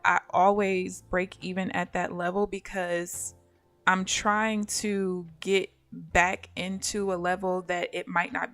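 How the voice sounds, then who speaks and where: A woman day trader on a live stream, mixing trading commentary with animated stories, calling her viewers "y'all" and laughing often. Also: fairly low pitch, vocal fry.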